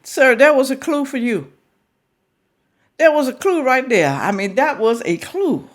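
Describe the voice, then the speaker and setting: A woman's voice: high voice, animated, measured pace. A woman hosting a reaction video, chatting straight to her viewers in a casual, teasing way.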